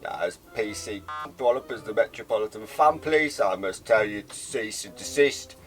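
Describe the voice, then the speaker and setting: A man's voice: lowish voice, animated, faint music behind, close to an everyday voice. A man voicing a pompous, officious male police officer. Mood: bossy. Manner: officious, quick and bossy.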